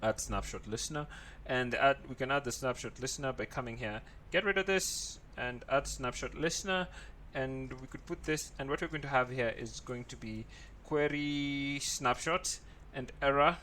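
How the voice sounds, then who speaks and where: Guy walking thru code on screen, mid pitch, bit of faint hiss behind. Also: moderate pace, hardly any pauses, sharp tone. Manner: thinks aloud, frequent "right?" checks. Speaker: programming tutor. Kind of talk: screen-recorded coding tutorial.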